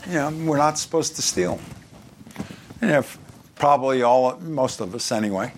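This sermon comes from a New York pastor, a man with a New York accent and a medium-pitched, expressive voice at a moderate pace. He preaches conversationally, reads scripture aloud and adds joking asides, with slight background noise behind him.

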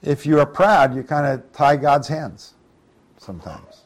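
A man's voice: fairly high pitch, expressive, measured pace. A middle-aged man leading a Bible study, reading verses aloud and explaining them in a casual, conversational way with questions to the listeners. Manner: reads scripture aloud then explains it conversationally, asks the group questions. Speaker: preacher.

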